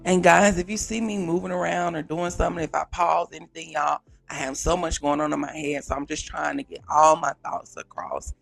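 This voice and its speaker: A man hosting his own pop culture vlog from a small home studio, animated and chatty, talking straight to viewers with repeated catchphrases. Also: fairly high pitch, fairly quick, vocal fry, few pauses, no echo, faint music behind. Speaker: YouTube pop culture reviewer. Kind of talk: casual vlog intro.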